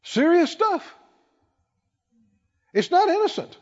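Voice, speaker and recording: A man preaching a sermon with emphasis, acting out quoted voices and building to loud peaks. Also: high-pitched, sing-song, measured pace. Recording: dull, reverberant hall sound.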